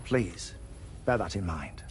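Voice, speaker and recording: A man's voice: deep voice, lively intonation, slow pace, heavy background noise. An actor playing a cautious male officer who gives a serious warning in a video game cutscene. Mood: cautioning. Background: game score music.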